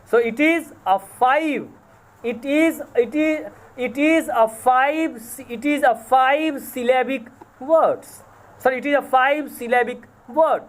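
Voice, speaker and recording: Indian English college lecturer, high voice, very slow and deliberate, spells out and repeats words, self-correcting. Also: male voice. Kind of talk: recorded lecture.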